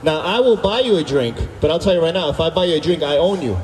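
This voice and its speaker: Stand-up comedian, echoey outdoor PA sound. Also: male voice, on the high side, fast talker, far from the mic, slight background noise. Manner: animated storytelling, acting out dialogue with the crowd. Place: outdoor stage at a summer concert.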